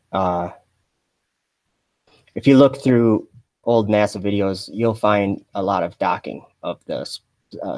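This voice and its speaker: A man chatting on a mock live stream in a deadpan, rambling way, full of fillers and restarts. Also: lowish voice. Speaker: satirical livestreamer posing as an astronaut.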